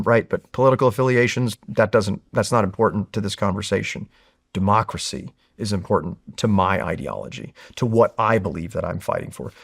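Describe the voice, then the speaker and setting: A man in his forties, a Marine veteran, telling stories in a casual, candid, animated way with frequent fillers and swearing. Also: on the low side. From California. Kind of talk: casual storytelling in a long-form interview.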